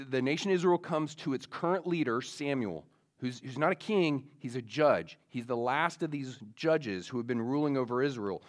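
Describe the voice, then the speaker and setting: A male pastor with a medium-pitched voice preaches a sermon to young listeners. His style is casual storytelling, with many fillers.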